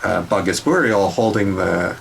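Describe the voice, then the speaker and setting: A man's voice: sits low, normal speed, creaky, fairly bright tone, a little hiss or hum, rough recording. A man running a tabletop game, explaining what happens with hesitant, filler-heavy speech. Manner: hesitant, many fillers while explaining rules. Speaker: game master.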